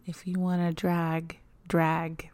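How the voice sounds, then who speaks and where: A woman's voice: lowish voice, completely flat delivery, a little mellow, no echo. Joking, foul-mouthed podcast co-host woman. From Oklahoma. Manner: swears freely, joking and quick. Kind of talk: casual podcast chat.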